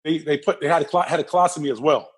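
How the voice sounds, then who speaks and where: A man, a guest in an interview, tells a personal story in an animated way, repeating phrases and acting out the sounds. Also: on the high side, rapid-fire, husky.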